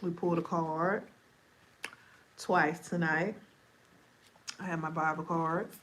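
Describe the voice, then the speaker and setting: A woman's voice: low voice, level tone, slow pace, a bit bright, slight background noise. Sleepy, chatty woman live-streamer. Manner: chatty, playful, talks straight to viewers. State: sleepy, voice going deep and scratchy. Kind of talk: casual live-stream chat.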